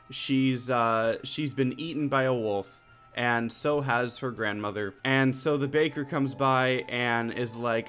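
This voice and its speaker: A man casually recapping a musical's plot for his channel, joking and paraphrasing the characters in offhand quick voices. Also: medium pitch, fairly bright tone. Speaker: movie recap host.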